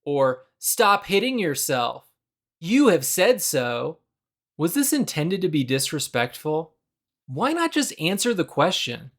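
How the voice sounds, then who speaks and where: A young adult man giving a measured, scripted explainer narration about a Bible passage, now and then acting out quoted lines. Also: on the high side, fairly bright tone. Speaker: Bible video presenter.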